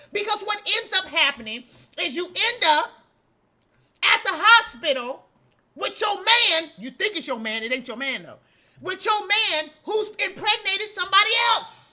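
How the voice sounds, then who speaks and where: A woman's voice: very high voice, bright, forceful tone. A middle-aged woman hosting a casual commentary show, sassy and scolding, breaking into laughs as she lectures. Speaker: host.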